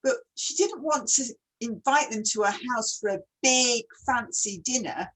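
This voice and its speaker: A woman's voice: a little high, a little slow, low-quality recording. A woman hosting a casual online chat, who talks readily and keeps asking her guest questions. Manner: chatty, asks many questions. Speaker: host.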